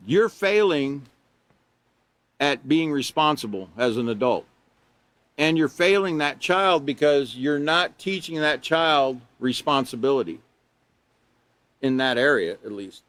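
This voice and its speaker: A man's voice: a little high, sharp tone, no room sound. Older guy in his 60s teaching an online class, chatty and rambling, gets emphatic on the rules, dry sound. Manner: folksy and rambling, with chuckles and asides; emphatic when stressing rules. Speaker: character education instructor. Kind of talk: live online class lecture.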